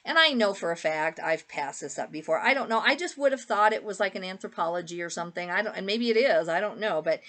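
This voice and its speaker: A woman reseller chats casually through a clothing haul vlog, rambling with plenty of fillers and asides. Her mid-range, slightly bright voice has lively intonation and a quick pace with few pauses.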